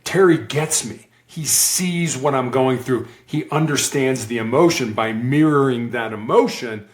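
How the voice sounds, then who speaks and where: Animated man in a roomy space. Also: mid-range voice, measured pace. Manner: animated, acts out quoted voices. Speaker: guest, former hostage negotiator. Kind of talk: conversational interview storytelling.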